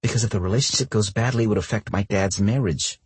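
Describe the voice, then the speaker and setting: A man's voice: lowish voice, fast talker, a little mellow, slightly rough, no room sound, voice pushed up. A man voicing an embarrassed young woman artist who pleads with her friend, in a romance audiobook. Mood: flustered.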